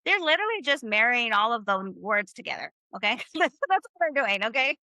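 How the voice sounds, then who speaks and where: A high-pitched, bright-toned woman leads a live online Spanish class. She is upbeat and encouraging, and she drills phrases with the group. Her voice sounds dry and close, with no room echo. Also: very animated, fairly quick. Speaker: Spanish teacher.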